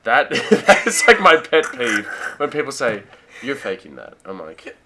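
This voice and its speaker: A young man with an Australian accent, chatting casually as an interview guest, relaxed and full of fillers and restarts. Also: medium pitch, a little slow, heavy background noise. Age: young adult. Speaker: guest, college football player.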